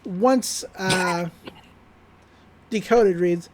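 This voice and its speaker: Podcaster giving an animated episode recap. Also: medium pitch, measured pace. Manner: animated, giggly retelling with quoted voices. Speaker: podcast co-host.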